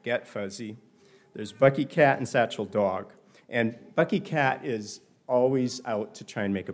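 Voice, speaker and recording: A man's voice: mid-range voice, dark tone. An older man giving a reflective personal talk, telling stories in a thoughtful, digressive way.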